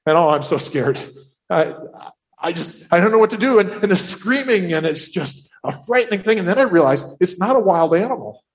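A man telling a Bible story in the first person, in character, with animated, breathless delivery and frequent restarts. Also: high-pitched, a little fast.

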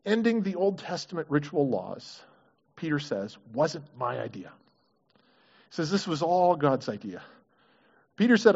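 A man's voice: fairly high pitch, big pitch swings, moderate pace, darkish tone. A man preaching a sermon, asking his congregation questions in an earnest, engaged way. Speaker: pastor. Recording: dull lo-fi recording.

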